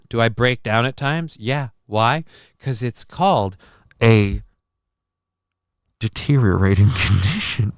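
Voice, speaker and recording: A man's voice: medium pitch, fairly bright tone, clear, resonant tone, dry recording, studio quality. A man hosting a casual live stream, reading chat messages and answering them in a defensive, rambling way, swearing casually, with a voice that cracks at times. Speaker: livestream host reading chat.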